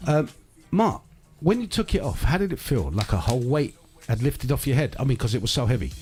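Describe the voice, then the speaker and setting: A man's voice: medium pitch, sing-song, a little fast, darkish tone, soft background music. A man hosting a live podcast in casual chat, talking emphatically with rhetorical asides. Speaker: podcast host.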